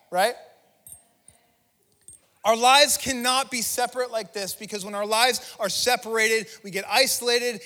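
A man's voice: very high voice, sharp tone, long reverb tail. A male pastor giving an impassioned, conversational sermon, restarting phrases as he preaches in a church. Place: church sanctuary.

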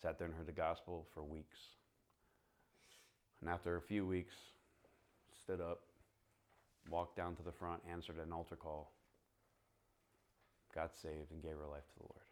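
Brief: male pastor, deep low voice, animated sermon storyteller who acts out dialogue. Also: a little slow, pauses often.

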